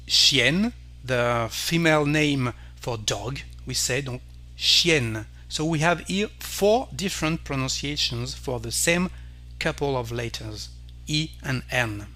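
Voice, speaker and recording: Slow, bright-voiced French teacher, a man. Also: a little high. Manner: slow, careful, repeats each word for the learner. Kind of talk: pronunciation lesson.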